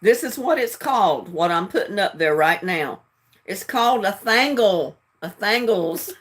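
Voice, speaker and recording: A woman's voice: mid-range voice, lively intonation, measured pace. Giggly woman hosting a live trivia stream. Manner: giggly, often breaking into laughter; chatty, addressing viewers directly. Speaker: livestream trivia host. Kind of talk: casual live-stream chat.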